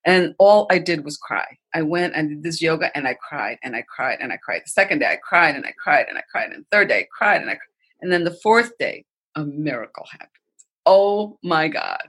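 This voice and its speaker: A woman as a podcast guest, telling a personal story in an animated, emotional way, with frequent "like" and "you know". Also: deep voice, brisk, husky.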